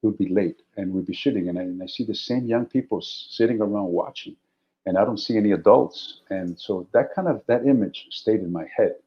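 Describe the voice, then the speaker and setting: A middle-aged man, a guest actor, telling stories in an animated, anecdotal way during a casual interview. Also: fairly low pitch, brisk. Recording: dull lo-fi audio.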